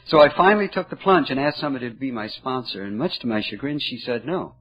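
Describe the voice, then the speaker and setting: An older man tells his recovery story with an earnest, halting delivery. His voice is husky, with a mid-range pitch. The recording sounds dull and lo-fi. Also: lively intonation. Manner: earnest, halting, emotional at moments. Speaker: recovery meeting speaker. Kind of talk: personal storytelling talk.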